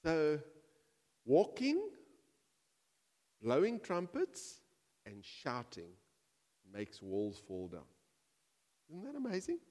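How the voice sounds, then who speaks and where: Animated preacher in a reverberant hall. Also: male voice, fairly high pitch, takes it slowly, long pauses. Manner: animated, acts out quoted voices, jokes with the congregation. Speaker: pastor. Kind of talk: sermon. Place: church.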